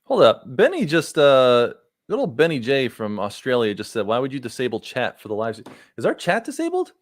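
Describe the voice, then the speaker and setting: A man's voice: medium pitch, brisk. A man co-hosting a live stream, joking around in casual chat and running the broadcast. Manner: animated, joking, runs the stream. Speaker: podcast co-host.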